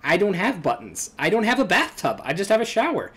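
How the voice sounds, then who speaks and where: A woman's voice: medium pitch, big pitch swings, a little fast, a bit bright, slightly rough. Wry, foul-mouthed woman streamer. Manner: wry, swears casually. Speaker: livestreamer. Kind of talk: casual gameplay commentary.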